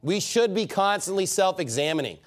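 Animated, high-voiced male preacher. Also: normal speed. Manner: animated, mocking, emphatic preaching. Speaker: pastor. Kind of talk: sermon.

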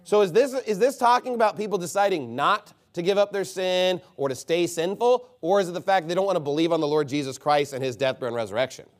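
A man's voice: high voice, fast, few pauses. A man preaching a sermon in a casual, conversational way, asking lots of rhetorical questions. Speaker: pastor.

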